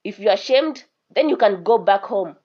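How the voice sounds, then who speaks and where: A woman's voice: medium pitch, lively intonation, normal speed, close to an everyday voice. A woman voicing a stubborn, hot-tempered young prince who gives firm commands and raises his voice in anger. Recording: dull lo-fi recording.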